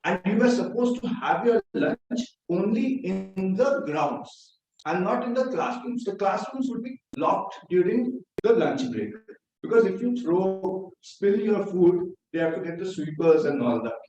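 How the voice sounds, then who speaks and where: A man from India telling a personal story as a club speech, animated, acting out quotes and sound effects. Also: high voice, measured pace, highs cut off. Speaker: club speaker. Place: meeting room. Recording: echoey hall, mic from far off.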